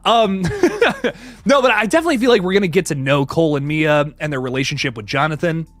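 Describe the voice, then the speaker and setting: A man's voice: a little high, expressive, brisk, fairly bright tone, soft background music. A man hosting a casual livestream, chatty and laughing often as he greets viewers in the chat. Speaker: livestream host.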